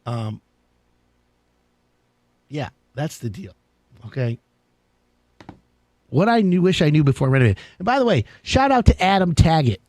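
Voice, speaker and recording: A man hosting a live call-in show, his voice on the higher side and swinging widely as he gets worked up. He rambles and jokes in an excitable, casual way. The sound is dry and close. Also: normal speed, long pauses, dry recording. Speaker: radio show host.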